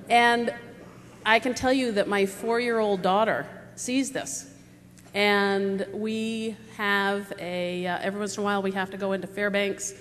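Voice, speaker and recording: A woman in her forties from the United States, speaking as a panelist at a live forum, telling stories in a rambling, conversational way full of fillers. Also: mid-range voice. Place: large auditorium stage. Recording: long hall reverb, faint noise.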